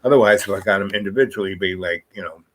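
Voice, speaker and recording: A man's voice: deep voice, racing, slight background noise, rough recording. A man hosting a vlog, telling a meandering personal story with lots of fillers and restarts. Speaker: vlog host.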